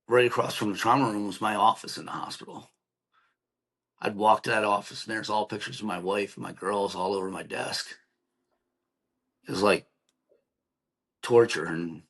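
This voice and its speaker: Guy in his 30s on a podcast, telling a rough story, keeps restarting, low voice but bright and punchy. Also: rough recording. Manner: emotional, halting, with repeated restarts. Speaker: podcast guest. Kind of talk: personal storytelling in an interview.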